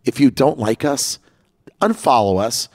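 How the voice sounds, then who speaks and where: A man's voice: medium pitch, big pitch swings, a little slow, darkish tone. Earnest, stammering man podcast host. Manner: earnest, stammers and restarts when worked up. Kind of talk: casual chat. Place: at home in LA.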